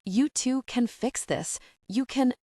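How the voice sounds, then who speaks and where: A woman's voice: fairly high pitch, slow, mellow, no echo, clean studio sound, pitched above the performer's own voice. A woman voicing a remorseful young man who begs desperately, in an audiobook reading.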